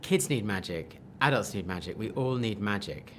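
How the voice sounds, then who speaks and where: A man, a film director, answering interview questions with enthusiastic, animated talk full of restarts and quoted asides. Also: fairly low pitch, moderate pace, slight background noise.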